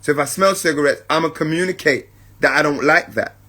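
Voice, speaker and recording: A man's voice: a little high, pushed and bright. A man hosting a spiritual podcast, talking reflectively and checking in with his listeners, whom he calls family. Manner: keeps checking in with listeners, addresses them as family; unhurried, repeats points for emphasis. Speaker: podcast host.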